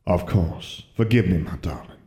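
A man's voice: sits low, moderate pace, warm tone, reverberant, close to an everyday voice. A man playing a proud, devoted wizard father. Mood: earnest. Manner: earnest and tender.

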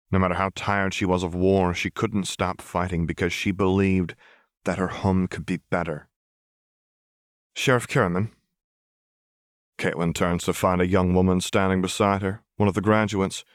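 A man narrating a story as an audiobook reader, with steady, even storytelling on a close mic. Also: deep voice, no echo. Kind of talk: scripted narration.

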